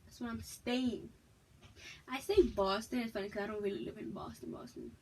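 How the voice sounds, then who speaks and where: A woman's voice: mid-range voice, huge pitch swings, normal speed, darkish tone, slightly rough, rough recording. A young woman from Massachusetts, frank and emphatic, telling her personal story to her viewers in a casual vlog. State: pregnant, expecting a child. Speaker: vlogger.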